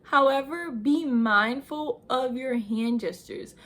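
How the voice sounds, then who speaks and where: A woman's voice: high-pitched, takes it slowly, a bit bright. Instructive young woman vlogger. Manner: instructive, addresses viewers as "you guys". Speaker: lifestyle vlogger. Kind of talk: advice vlog talking to camera.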